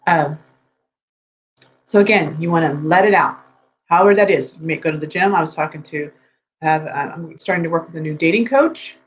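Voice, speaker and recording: Broadcasting live from a room lined with geek collectibles, a coach who advises tech men on dating rambles on chattily, constantly asking viewers "okay?" and "right?". He speaks in a mid-range voice, briskly but with long pauses, over dull lo-fi sound with a faint hum.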